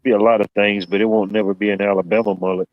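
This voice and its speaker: Joking low-voiced man hosting a stream. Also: little pitch movement, fast talker, no echo, highs cut off. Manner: joking, rambling, with constant "you know what I mean". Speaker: stream host. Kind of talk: casual live-stream chat.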